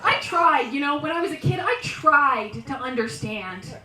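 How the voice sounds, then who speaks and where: A high-pitched woman working a live crowd as a stand-up comic. She takes her time, leans into exaggeration and breaks into loud animal imitations. The sound is roomy and echoey and comes from far off the mic in a small venue. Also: animated, unhurried. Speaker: stand-up comedian and emcee.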